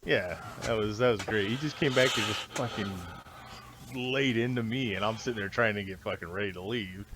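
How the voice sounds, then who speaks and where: A man's voice: lowish voice, fairly quick, background noise. A man co-hosting a podcast in casual chat, profane and exasperated, laughing as he talks. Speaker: podcast co-host.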